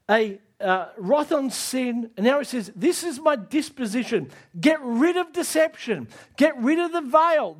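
A man preaching a sermon, emphatic, asking the audience direct questions and rising to near shouts on key lines. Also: extremely high pitch.

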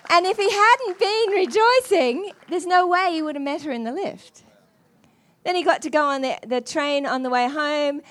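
Earnest woman preacher, fairly high voice, halting sermon storytelling. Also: some chatter behind. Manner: earnest, halting, many restarts.

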